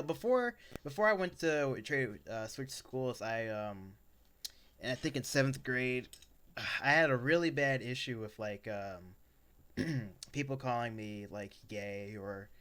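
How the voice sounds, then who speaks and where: A man's voice: mid-range voice, a bit bright, clear, resonant tone. A young adult man co-hosting a podcast, telling personal stories in a casual chat that rambles, with lots of fillers and restarts. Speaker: podcast co-host.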